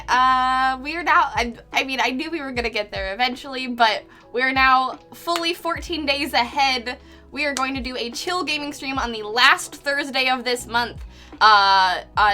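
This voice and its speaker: A woman's voice: high voice, pushed and bright. A young woman streaming live while painting, chatting casually, reading out chat messages with lots of fillers and little laughs.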